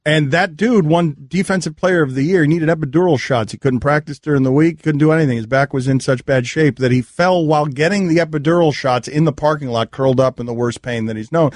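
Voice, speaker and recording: A radio host with a fairly high voice makes his point earnestly, repeating phrases as he feels his way forward. The sound is dry and close to the mic. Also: a little fast, few pauses, no echo. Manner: earnest, searching for words, repeats himself. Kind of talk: sports talk radio discussion.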